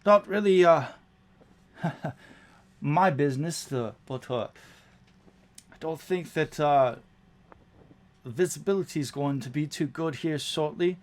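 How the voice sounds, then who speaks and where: Man putting on a high chatty goblin. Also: measured pace, long pauses, lightly acted. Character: excitable male goblin crewman.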